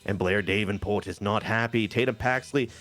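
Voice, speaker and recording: A man with a fairly low voice tells a joking, animated play-by-play of wrestling game matches. Faint music plays behind him while he talks. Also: moderate pace. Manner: animated, jokey play-by-play storytelling. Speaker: co-host recapping a wrestling game. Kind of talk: casual gaming chat.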